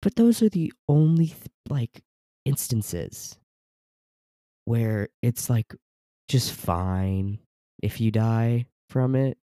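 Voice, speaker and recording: A man's voice: medium pitch, expressive, slow pace, long pauses, dark tone, no echo. A sleepy young man co-hosting a podcast, joking in a dry way during casual chat. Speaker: podcast co-host.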